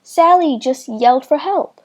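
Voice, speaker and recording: A woman's voice: sits high, unhurried. A woman reading as an eager young boy. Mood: worried.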